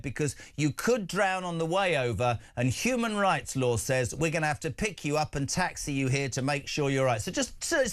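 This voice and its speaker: A male breakfast radio host rants with indignant energy. His voice sits a little high for a man and swings up and down a lot as he mocks and scoffs. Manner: indignant, animated, mocking impressions. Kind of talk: opinionated talk radio chat.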